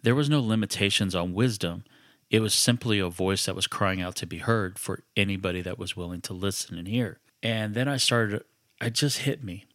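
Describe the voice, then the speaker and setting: A man with a very low voice recounts a personal story in relaxed, conversational podcast style. He talks reflectively, often restarting his sentences. The sound is dry and close, with little room around it. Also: normal speed, no echo. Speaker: podcast host.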